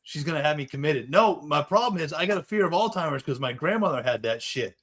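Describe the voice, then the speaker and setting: A man's voice: fairly high pitch, animated, quick pace, a bit bright, husky. Profane rambling man telling a story. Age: adult with young kids. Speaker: podcast host, custom bike builder. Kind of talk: casual storytelling chat.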